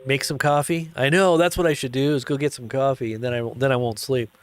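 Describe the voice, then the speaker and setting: A man's voice: medium pitch, steady tone, brisk, soft background music. A tired man hosting a live news commentary stream, rambling and joking with viewers. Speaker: host.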